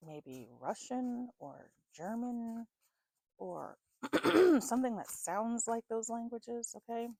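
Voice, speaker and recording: A woman's voice: a little high, vocal fry, a little mellow, no echo. A North American woman doing a casual tarot and spirit box reading, musing aloud and often checking in with "okay?". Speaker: tarot reader.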